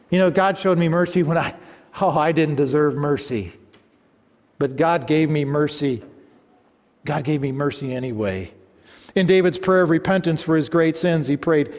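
Male preacher, sermon, slow and emphatic, higher voice, endings trail off low, long hall reverb. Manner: slow, emphatic, dropping to a low hush at phrase ends.

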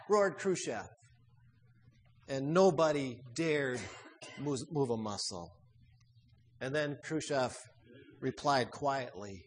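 A man preaching a sermon, swinging from loud emphatic peaks to hushed, quiet phrase endings. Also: fairly high pitch, expressive, measured pace, long pauses, slight background noise.

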